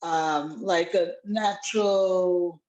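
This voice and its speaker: A woman sharing a reflection in a halting, thoughtful way, with many restarts. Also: on the low side, a little mellow, dull audio. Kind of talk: reflective group discussion. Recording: roomy echo.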